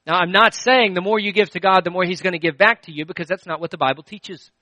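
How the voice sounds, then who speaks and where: A middle-aged male pastor preaching a sermon in a conversational, storytelling way, with frequent restarts and swings between loud and hushed. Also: sits high, fairly even intonation, fast, no echo, rough recording.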